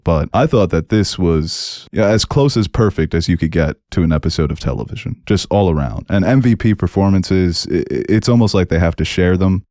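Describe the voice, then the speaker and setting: A man with a very low, mellow voice hosts a podcast, chatting with enthusiasm and jokes about a show. His voice still carries a rough morning edge. The sound is close and dry. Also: no room sound. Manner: enthusiastic, joking. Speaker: podcast host. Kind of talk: casual review chat.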